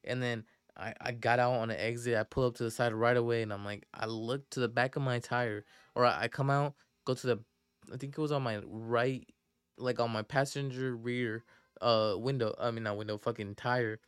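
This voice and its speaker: A man's voice: medium pitch, fairly even intonation, normal speed, clean tone, dry recording. A young adult man hosting a podcast, telling a story casually in profane slang that rambles and restarts often. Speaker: podcast host.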